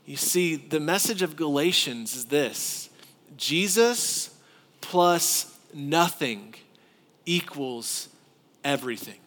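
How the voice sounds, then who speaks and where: A male pastor with a high, bright voice delivers a lively, conversational sermon full of asides and questions to the congregation. His words ring out with a long reverb from the church hall around him. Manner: animated, conversational preaching with rhetorical asides.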